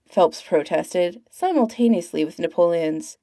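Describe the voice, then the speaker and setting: A woman's voice: on the low side, animated, unhurried, gravelly, dark tone, dry recording, clean studio sound. A woman reading a fan-written story aloud as a narrator, putting on voices for the characters. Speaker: fan fiction reader.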